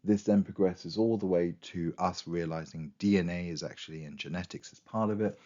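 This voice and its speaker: A man talks through a revision lesson in a very deep voice. His speech is chatty and full of quoted asides, and his voice is going hoarse. The recording sounds a little dull and muffled. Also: fairly quick, mellow. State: losing his voice. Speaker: history teacher.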